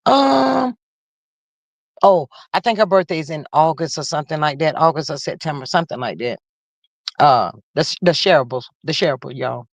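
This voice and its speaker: A woman's voice: low-pitched, lively intonation, moderate pace, dry recording. A woman hosting a casual live stream, talking straight to her viewers and reading out the chat in a folksy, chatty way.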